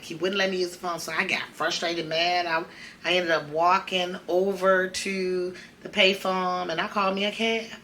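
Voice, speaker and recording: A woman's voice: lowish voice, pushed and bright, slight background noise. A woman, host of a podcast, telling a personal story in a conversational, emotional way and acting out the dialogue. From Chicago.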